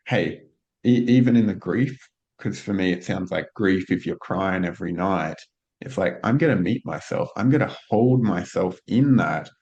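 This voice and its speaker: Guy hosting a podcast, super deep voice, calm and reflective, kinda muffled lo-fi audio. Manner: reflective and calm, thinks aloud with many "like"s. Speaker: podcast host. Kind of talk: casual conversational interview. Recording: dull lo-fi sound.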